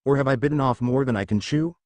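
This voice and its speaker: A man's voice: medium pitch, fast talker, a little mellow, no echo, close to an everyday voice. A man reading the lines of a confident, teasing teenage boy who plays guitar, in a fan fiction story.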